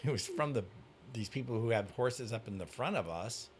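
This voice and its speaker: A man in casual chat, telling an animated anecdote with acted-out quotes. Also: medium pitch, normal speed, background noise.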